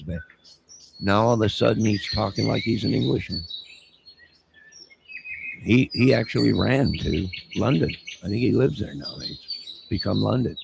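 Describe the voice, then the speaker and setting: Gravelly low-voiced man rambling crudely. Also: moderate pace, long pauses, background noise. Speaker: livestream host reading chat. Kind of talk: rambling casual chat.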